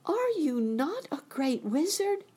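Lady doing earnest little girl, high and lively, kinda husky. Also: measured pace, full character voice. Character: earnest young girl, bold and direct.

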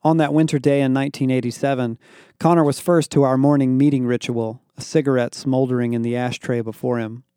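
A male narrator tells a first-person story in scripted narration. His delivery is even and measured, with a warm, mellow tone. The sound is dry, with no room around it. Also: mid-range voice, clear, resonant tone, no room sound.

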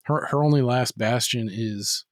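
A man's voice: medium pitch, a little slow, dry recording. A man co-hosting a casual movie-review podcast, recapping a plot in a rambling, profane way and acting out quotes. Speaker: podcast co-host.

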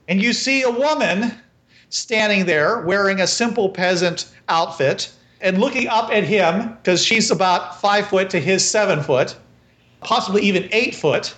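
High-voiced man running a tabletop game. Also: expressive, moderate pace, fairly bright tone. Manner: descriptive, storytelling. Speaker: game master.

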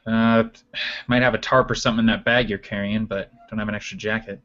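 A man's voice: fairly low pitch, little pitch movement, quick pace, fairly bright tone. A man playing in a casual tabletop game, easily describing what his character does. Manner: easygoing, describes his actions. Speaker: player. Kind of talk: casual tabletop role-play. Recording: dull lo-fi sound.

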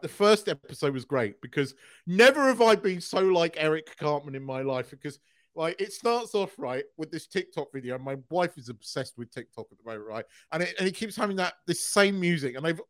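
A man's voice: on the high side, animated, normal speed, dry recording. Blunt, sweary man ranting. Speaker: podcast co-host. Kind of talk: casual chat.

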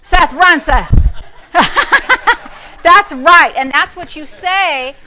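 A woman pastor preaching a lively sermon, repeating declarations aloud and directing a live demonstration in a church. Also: high-pitched, slow, a little hiss or hum. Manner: animated, calls out and repeats declarations.

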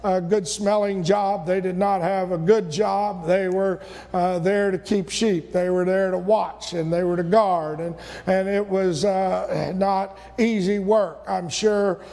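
A man's voice: high-pitched, steady tone, takes it slowly, mellow. A man preaching a sermon as pastor, folksy and repetitive, rising to emphatic peaks, recorded in a church sanctuary. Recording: long reverb of a church sanctuary.

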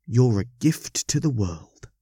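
A man's voice: mid-range voice, animated, slow, dark tone, husky, no room sound, studio quality, pitched above the performer's own voice, heavily acted. A man playing a mild, flustered vicar. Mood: mild, cautious. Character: mild, anxious middle-aged male vicar.

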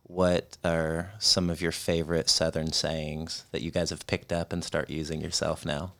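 A man's voice: extremely low pitch, level tone, moderate pace, fairly bright tone. A man hosting a podcast, asking questions in casual chat with a wry, self-mocking humor. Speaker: podcast host.

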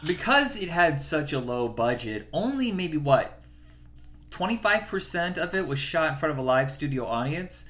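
A man's voice: on the high side, sing-song, normal speed, sharp tone, soft background music. A man co-hosting a podcast in casual chat, enthusiastic and profane, laughing often as he recalls favorites. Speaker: podcast co-host.

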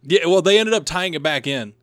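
A man in a casual chat who talks hesitantly, filling pauses with uh and like, with a self-deprecating streak. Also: a little high, animated, no room sound, studio quality.

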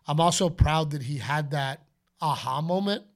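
A man's voice: fairly high pitch, moderate pace. A man co-hosting a podcast, talking casually and animatedly about being a father, often slipping into playful voices. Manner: animated storyteller, slips into playful announcer shouts. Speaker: podcast co-host.

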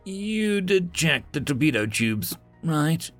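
A man's voice: mid-range voice, very animated, normal speed, vocal fry, fairly bright tone, soft background music. A man voicing a nervous little blue lizard alien scholar who gets defensive and fussy, talking in an audiobook-style story.

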